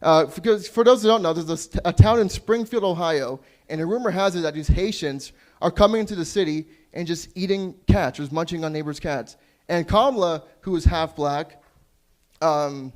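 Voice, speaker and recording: A man's voice: fairly high pitch, a little mellow. A young Canadian man doing open mic stand-up, crude and self-deprecating, sometimes losing track of his jokes. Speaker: stand-up comedian. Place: small comedy club stage.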